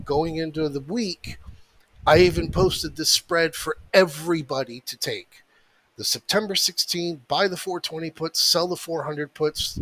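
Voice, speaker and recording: A man with a bright, forceful voice and a slightly high pitch, walking through stock charts. He talks bluntly and swears freely. He drives his points home by repeating them. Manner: blunt, profane, emphatic, repeats phrases. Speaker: options trading educator. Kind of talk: market analysis with a rant.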